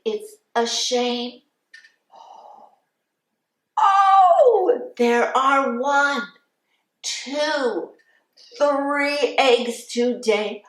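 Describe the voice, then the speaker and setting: A woman hosting a children's story time, singing songs and reading a storybook aloud in an animated, sing-song way with animal sounds. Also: fairly high pitch. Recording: roomy sound from a distant mic.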